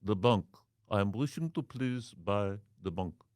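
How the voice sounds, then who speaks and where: Man doing a mock-accented rich caller, stilted, formal, deadpan, low voice. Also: normal speed, no room sound, clean studio sound, close to an everyday voice. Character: comic foreign-accented rich sheik prank caller.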